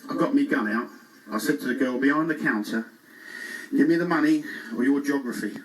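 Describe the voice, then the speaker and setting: Speaking briskly in a natural, medium-pitched voice, a man from England channels a classic comic in a cruise ship show lounge, trading in bumbling one-liners and self-mocking asides. The recording comes from a distant mic with faint noise, and the audience's laughter can be heard.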